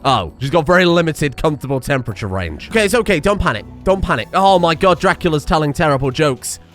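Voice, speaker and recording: A man giving excitable, sarcastic commentary over a game, scolding the characters as he plays. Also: a little high, quick pace, faint music behind. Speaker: streamer.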